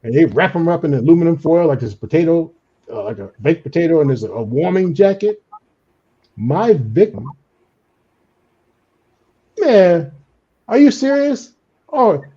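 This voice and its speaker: A man on a discussion panel, explaining his ideas in an animated way and acting out the inner voices he quotes. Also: a little high, a little fast, slightly rough, highs cut off. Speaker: panelist on a trauma and healing talk. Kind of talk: conversational explanation.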